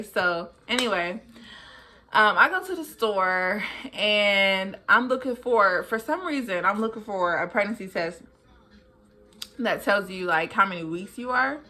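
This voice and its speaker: A young woman vlogger telling a personal story casually, jumping high in pitch to act out what people said. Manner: animated, jumps high in pitch when acting out what people said.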